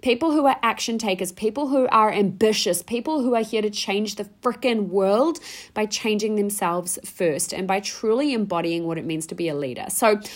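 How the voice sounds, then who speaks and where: A young woman hosting her own coaching podcast, talking fast and excitedly in slangy, casual language with some swearing. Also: medium pitch. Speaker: podcast host and mindset coach. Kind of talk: energetic podcast monologue.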